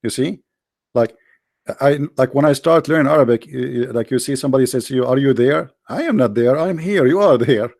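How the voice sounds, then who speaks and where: A middle-aged man hosting a livestream, joking sarcastically and reading the chat aloud, in halting non-native English. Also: medium pitch, vocal fry, darkish tone, dry recording, clean studio sound. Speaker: livestream host. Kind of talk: casual live-chat banter.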